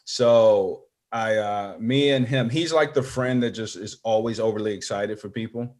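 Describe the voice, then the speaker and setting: A middle-aged man telling a story as an interview guest, animated and acting out friends' voices. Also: on the low side, normal speed.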